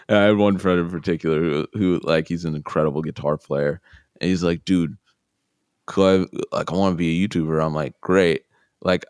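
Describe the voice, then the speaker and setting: Young guy guest rambling on, real low voice, dry close sound, lots of likes. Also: dry recording. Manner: rambling, filler-heavy, animated in quoted bits. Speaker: guest, guitar YouTuber. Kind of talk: casual interview chat.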